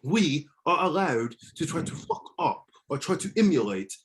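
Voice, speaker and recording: A man's voice: fairly high pitch, sing-song, moderate pace, slight background noise. A man co-hosting a casual wrestling podcast who jokes around and swears, then laughs at himself. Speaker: podcast co-host.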